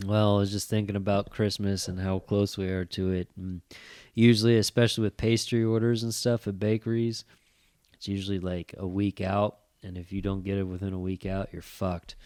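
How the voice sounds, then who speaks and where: A man's voice: low-pitched, normal speed, clean tone, dry recording, clean studio sound. A middle-aged man co-hosting a casual chat show, telling a story with lots of swearing and acted-out quotes. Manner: animated storyteller, swears a lot, acts out quotes. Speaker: podcast co-host.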